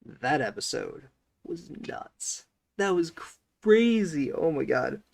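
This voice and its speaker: A man reacting to an anime episode in relaxed, chuckling chat. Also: fairly high pitch, slow, vocal fry. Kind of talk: casual chat.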